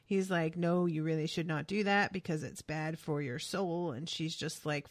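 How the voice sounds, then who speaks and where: A woman co-hosting a podcast, recapping a show in casual chat, blunt and quick to curse. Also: on the low side, no room sound. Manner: blunt, swears freely. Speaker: podcast co-host.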